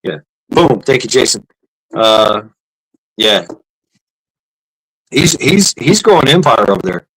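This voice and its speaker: A man's voice: mid-range voice, very animated, slow, long pauses, a bit bright, breathy edge, poor audio. A man hosting a casual live stream, rambling with many fillers and restarts and reading out viewers' comments. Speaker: livestream host. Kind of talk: casual livestream chat.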